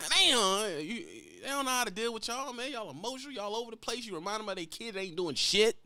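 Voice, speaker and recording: A man's voice: high voice, fast talker, bright, forceful tone, dry recording, studio quality. A man with a Louisiana accent, a truck driver lecturing bluntly and profanely in a ranting vlog.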